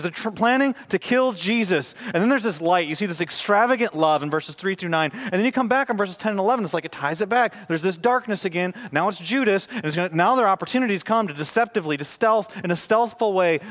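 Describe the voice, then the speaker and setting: A male pastor delivering a sermon with a slightly raised pitch. He preaches emphatically, with a delivery that moves between loud and soft. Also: animated, a little fast. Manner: emphatic, varies volume widely.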